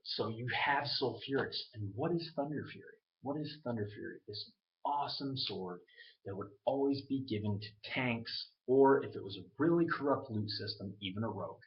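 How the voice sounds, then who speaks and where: A man's voice: medium pitch, normal speed, a little hiss or hum. A man talking casually to his webcam about a game. He rambles loosely and swears now and then. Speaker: gaming video creator. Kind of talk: casual gaming talk to webcam. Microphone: webcam mic. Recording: dull lo-fi webcam audio.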